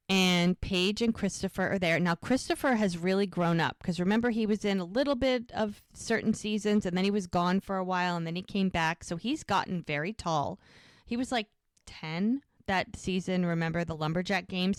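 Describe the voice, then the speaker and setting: A middle-aged woman co-hosts a podcast, casually recapping a TV episode and retelling its scenes. Her voice is on the low side at a normal speed, recorded on a podcast microphone with clean studio sound and no room echo.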